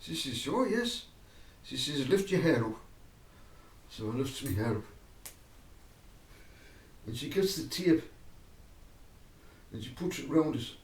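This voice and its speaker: Speaking to camera, a man with a medium-pitched voice tells a rambling, digressive personal anecdote in an animated, unhurried way, pausing often and repeatedly breaking into chuckles. The mic is at a distance, giving a roomy echo.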